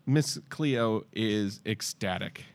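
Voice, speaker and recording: A man's voice: on the low side, slow, noisy background. A man co-hosting a casual chat about a TV episode, joking, laughing often and acting out lines in funny voices. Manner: jokey, laughs often, acts out quotes. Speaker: podcast co-host.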